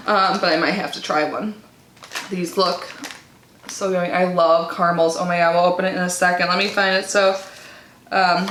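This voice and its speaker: A woman's voice: on the high side, a bit bright, a little hiss or hum. Bubbly woman in an echoey room. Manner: chatty and bubbly, reads product cards aloud. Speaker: subscription box reviewer. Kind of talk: casual unboxing chat.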